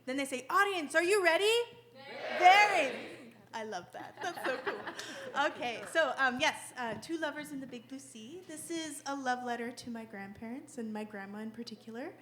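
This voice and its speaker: A woman's voice: a little high, moderate pace, crowd noise. A woman singer-songwriter introducing her song from the stage in an earnest, chatty way. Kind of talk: stage banter before a song. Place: live concert venue, on stage.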